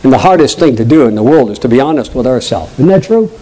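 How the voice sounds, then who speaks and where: A man with a New England accent preaching a sermon, stressing points loudly, dropping into low asides and putting questions straight to the congregation. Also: expressive, fast talker, rough recording. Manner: emphatic preaching, swinging between loud high stresses and low quiet asides; draws the congregation in with direct questions.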